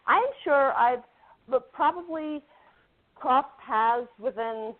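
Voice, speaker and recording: A woman's voice: high-pitched, takes it slowly. A woman guest actress telling a story in a casual interview, chatty and repeating words as she builds it up. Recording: phone-like narrow band.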